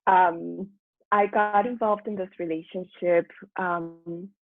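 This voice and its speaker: A woman with a husky, breathy voice tells her story chattily on a remote call, quick to laugh and voicing her own old thoughts aloud. The sound is thin and phone-like, bone dry with no room around it. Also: fairly low pitch, steady tone, no room sound. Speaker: guest, personal transformation mentor. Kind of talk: candid storytelling interview.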